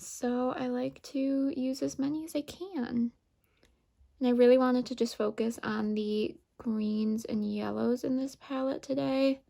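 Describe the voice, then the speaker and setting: Slow, creaky-voiced woman explaining makeup. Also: sits high. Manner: calm step-by-step explaining. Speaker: beauty vlogger. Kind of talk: makeup tutorial narration.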